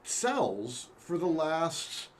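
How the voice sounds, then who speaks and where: A man's voice: a little high, very slow. A man hosting an improv comedy show, bantering playfully with his co-host. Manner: playful, animated.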